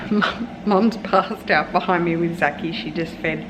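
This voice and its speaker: A woman's voice: fairly low pitch, a little slow. A young woman and mother, chatting casually and playfully in a vlog. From Australia. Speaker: vlogger and mother. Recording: busy crowd noise and music behind. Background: crowd chatter and music.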